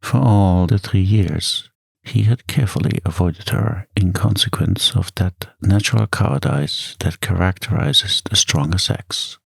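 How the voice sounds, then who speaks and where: A man narrating a novel in a calm, soft-spoken ASMR bedtime reading, close to the mic. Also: sits low, measured pace, gravelly, breathy edge, no echo. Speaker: audiobook narrator.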